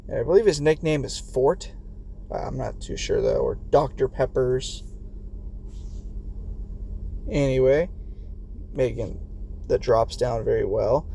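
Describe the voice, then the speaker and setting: A man giving casual play-by-play commentary on a game competition, excitable and swearing, yelling when players fall. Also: medium pitch, vocal fry, a little hiss or hum.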